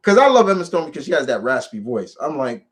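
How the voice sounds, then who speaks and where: A man hosting a casual live chat about movies, talking in an animated, rambling way with lots of restarts. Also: medium pitch, fast. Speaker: show host.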